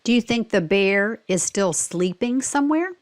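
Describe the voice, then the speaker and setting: A woman reading a picture book aloud for children, slow and clear, stopping to ask simple questions. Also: mid-range voice, animated.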